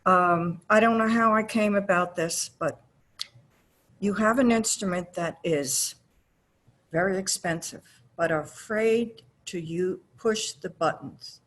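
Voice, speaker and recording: A woman speaks up on a video call to give the class her advice. Her voice is husky and breathy at a middling pitch. She talks very slowly, halting and restarting as she goes. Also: a bit bright. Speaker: class participant. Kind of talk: call-in comment.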